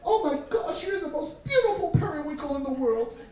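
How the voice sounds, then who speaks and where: A man voicing an excited five-year-old girl who gushes over her pet. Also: extremely high pitch, fairly quick, voice pushed up. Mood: gushing. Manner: squealing, gushing. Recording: echoey room from far off.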